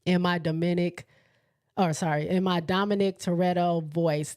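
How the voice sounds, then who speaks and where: A woman's voice: fairly low pitch, normal speed. A woman hosting a casual live sports chat, reading out viewer comments and laughing often as she talks. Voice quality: laughs often, excitable and chatty. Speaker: host of a live sports show.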